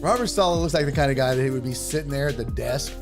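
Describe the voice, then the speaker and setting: A man's voice: medium pitch, fast talker, music in the background. A man hosting a live-streamed sports talk show, ranting with lots of profanity and answering viewer chat.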